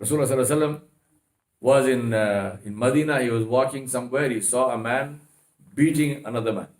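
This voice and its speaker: A man's voice: mid-range voice, fast. A man giving a religious lecture in a mosque, emphatic and full of rhetorical questions and repeated no's. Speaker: Islamic lecturer. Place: mosque hall. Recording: echoey mosque hall.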